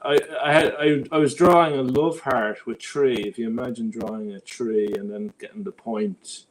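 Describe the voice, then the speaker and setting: Casual male guest, thinks aloud with restarts; faint noisy rumble under the voice. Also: fairly even intonation, moderate pace. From Ireland. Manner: rambling, reflective, many restarts. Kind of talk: casual podcast conversation.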